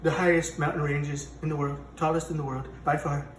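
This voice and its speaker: A fairly high-pitched male voice, level in tone and brisk, sounds close to everyday speech. The man is playing a boastful president who hosts a comic cooking show, rambling and undercutting his own claims from a home kitchen. Slight background noise and room echo come through a mic placed some distance away.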